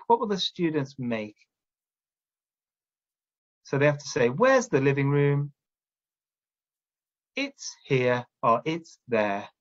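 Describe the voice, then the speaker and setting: Guy running a teacher training session, slightly high voice, muffled lo-fi sound, keeps asking "all right?". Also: a bit bright. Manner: encouraging, checks in with "all right?". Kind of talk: instructional talk to teachers.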